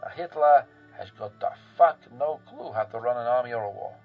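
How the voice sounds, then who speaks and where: A man's voice: mid-range voice, moderate pace, muffled recording, soft background music. A man telling history in a casual, profane, rambling way full of fillers and restarts. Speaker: history podcast host.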